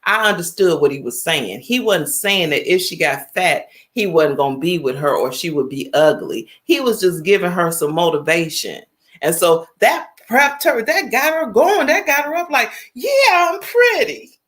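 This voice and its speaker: Animated woman talking to her live chat. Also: on the low side, moderate pace. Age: 50s. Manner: animated, emphatic, storytelling, addresses chat directly. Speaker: livestream host. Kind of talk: casual livestream talk.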